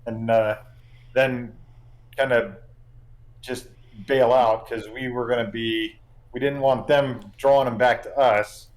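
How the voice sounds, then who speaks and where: A man speaking up at a tabletop game table. His voice sits at a middling pitch, and he talks in a casual, blunt way. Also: fairly even intonation, slow pace, pauses often, rough recording. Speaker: player.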